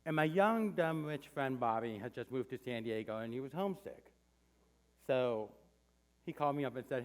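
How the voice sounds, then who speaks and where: A man in his forties telling a comic personal story live, in an animated, punchy and self-mocking way. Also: mid-range voice, moderate pace. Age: 40s.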